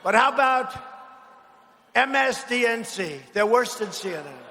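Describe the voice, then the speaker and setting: Man at a rally, high bright voice, mocking, repeats himself, long arena reverb. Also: lively intonation, unhurried, vocal fry. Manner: mocking, repetitive, shouts lines to the crowd. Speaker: political speaker at a rally. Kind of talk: rally speech. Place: large arena.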